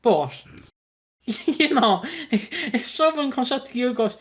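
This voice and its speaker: A man's voice: extremely high pitch, lively intonation, moderate pace. Chatty man recapping a soap. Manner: chatty, laughing, swearing, acts out characters' lines. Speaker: podcast co-host recapping a soap opera. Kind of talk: casual chat.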